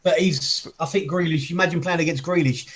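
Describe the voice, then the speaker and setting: A man's voice: fairly high pitch, fairly even intonation, fast talker, crowd noise. A man co-hosting a casual football chat, hedging every opinion with "I think". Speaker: podcast co-host.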